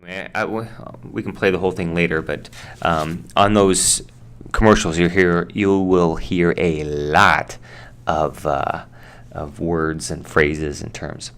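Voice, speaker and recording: An American man teaching English vocabulary in a relaxed, chatty way, with fillers and asides. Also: low-pitched, slow pace, smooth. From United States. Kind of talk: casual explanation.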